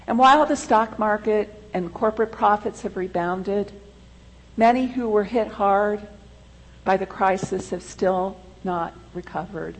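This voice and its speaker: A woman pastor delivering a sermon in a church, slow and deliberate, with emphatic rises. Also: medium pitch, vocal fry, slightly rough, low-quality recording.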